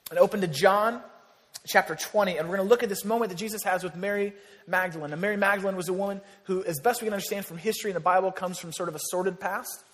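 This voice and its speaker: A man preaching a sermon in a big church hall, his fairly high voice ringing out with a long reverb. He keeps it casual and joking with the congregation, then sinks to a near hush on the lines that matter most. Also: quick pace. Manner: conversational preaching with jokes, dropping to a hushed voice on key lines. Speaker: pastor.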